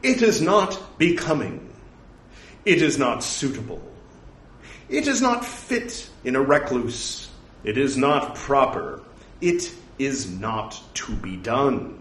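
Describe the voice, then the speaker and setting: A stern enlightened teacher, read by a man from scripture, rebuking a monk. The delivery is slow and measured, with a roomy echo. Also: fairly high pitch.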